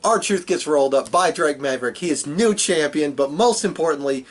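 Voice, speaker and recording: A man's voice: fairly high pitch, moderate pace. A man co-hosting a podcast, casually recapping a wrestling show with lots of ums and uhs. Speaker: podcast co-host.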